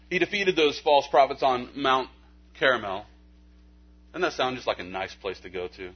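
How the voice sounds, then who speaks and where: A man preaching a sermon in a conversational way, with folksy asides, stammered restarts, and a hushed soft delivery when he makes a point. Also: mid-range voice, husky. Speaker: pastor. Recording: dull lo-fi recording.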